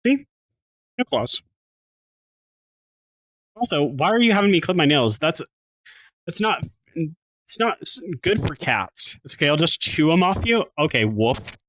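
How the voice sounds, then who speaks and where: A man's voice: fairly high pitch, sing-song, measured pace, long pauses, fairly bright tone, dry recording. A man from Southern Pennsylvania chatting casually on a livestream at home. He restarts his sentences, swears casually and thanks his viewers.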